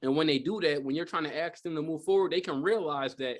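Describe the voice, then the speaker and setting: A man's voice: fairly high pitch, fast talker, few pauses. Casual, rambling male sales trainer. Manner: casual, rambling, lots of fillers and rhetorical "right?". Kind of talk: live sales training talk. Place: training room with a live audience.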